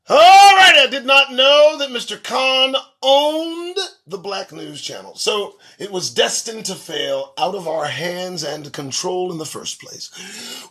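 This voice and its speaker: High, lively ranting male host. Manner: ranting, profane, sarcastic. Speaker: show host. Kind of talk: solo commentary on news headlines.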